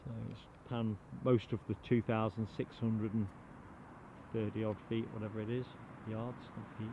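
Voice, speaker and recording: A man's voice: lowish voice, level tone, moderate pace, lo-fi sound, background noise. A man hosting a live plane spotting stream from a mound beside an airport, chatting casually, reading out viewer comments and thanking people by name. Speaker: livestream host. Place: outdoors on a grassy mound beside an airport runway.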